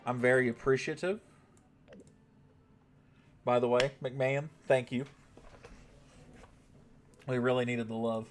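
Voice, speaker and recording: A man's voice: medium pitch, fairly even intonation, slow pace, long pauses, faint music behind. Laid-back male game streamer. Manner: laid-back, chatty, swears casually. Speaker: gaming livestreamer. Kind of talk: casual live-stream chat.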